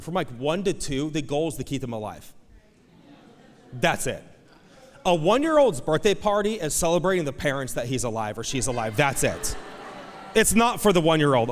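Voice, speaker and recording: A male pastor preaching a sermon with animated storytelling, acting out voices and swinging between soft asides and loud shouts. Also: a little high, in a large hall. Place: church auditorium.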